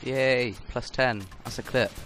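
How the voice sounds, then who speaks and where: Over music and the gunfire of a shooter game, a gaming channel host with a medium-pitched voice commentates on his own first-person gameplay. He's excitable and joking, and gets frustrated quickly whenever his shots miss.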